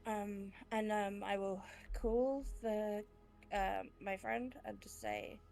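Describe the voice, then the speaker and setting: A woman's voice: mid-range voice, fairly even intonation, measured pace, creaky, faint music behind. A woman playing a tabletop game, talking casually and hesitantly, often restarting her sentences. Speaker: player.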